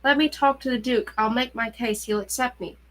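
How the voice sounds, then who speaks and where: A stubborn young heroine who speaks with insistent confidence, read by a woman telling the story. The voice is a touch high and steady. It is a storybook reading rather than a big performance. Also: a little fast, close to an everyday voice. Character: determined, stubborn young woman seeking entry.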